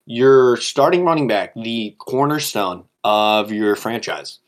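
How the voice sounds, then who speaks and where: Speaking slowly with lively intonation, a man with a lowish voice co-hosts a relaxed betting podcast. His takes on the wagers are strong-minded and emphatic, and he presses his arguments hard.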